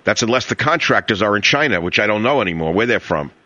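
A brash middle-aged talk radio host with a New York accent drips sarcasm and mockery as he riffs. His voice is low yet bright, swinging widely up and down. The sound is dry and close, a little dull. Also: expressive, fast, dry recording.

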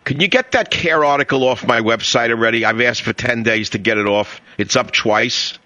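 A man's voice: medium pitch, normal speed, pushed and bright, dry recording, muffled recording. A middle-aged man with a New York accent hosting a talk radio show, brash and mocking, full of sarcasm.

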